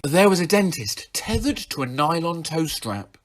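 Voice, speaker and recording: A man, hosting a comedy video and reading out internet posts, jumping into silly shouted voices. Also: a little high, lively intonation, moderate pace, hardly any pauses.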